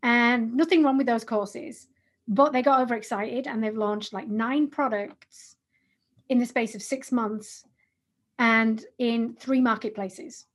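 A chatty woman in her forties talks through a business podcast with a slightly high, husky voice. She is animated and often restarts her phrases mid-thought. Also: unhurried. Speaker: podcast co-host. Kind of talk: casual business podcast chat.

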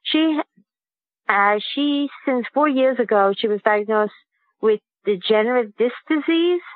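A woman calling in to a radio show, speaking in a halting, earnest way with lots of fillers. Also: on the high side, no room sound. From Queens, New York. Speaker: caller. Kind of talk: phone call to a radio show. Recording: tinny phone line.

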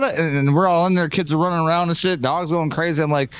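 A man's voice: a little high, fairly even intonation, fast talker, hardly any pauses, clean tone, no echo. Rambling, profane man with a Midwestern accent. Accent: American Midwest. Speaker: guest. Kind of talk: casual live podcast chat.

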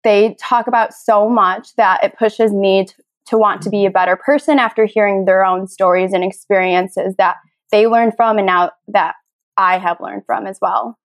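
A woman's voice: mid-range voice, steady tone, normal speed, no room sound. A woman who manages a podcast, guesting on it in friendly casual chat and laughing easily.

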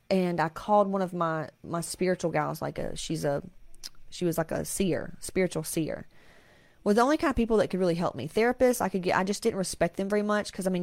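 A woman's voice: lowish voice, no room sound. A woman, hosting a podcast and telling a raw, emotional personal story with plenty of swearing. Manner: emotional, confessional, frequent swearing. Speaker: podcast host.

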